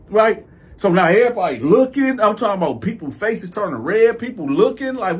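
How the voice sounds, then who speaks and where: Husky, high-voiced man telling a story. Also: expressive, fairly quick. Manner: stammering repeats and profane, acted-out quotes. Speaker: YouTube storyteller. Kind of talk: animated storytelling vlog.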